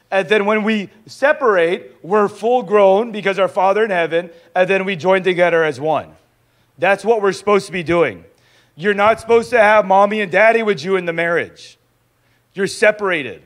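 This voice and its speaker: A young adult man teaching in a sermon style, lively and acting out little dialogues as he goes. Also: high voice. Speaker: pastor teaching a discipleship school.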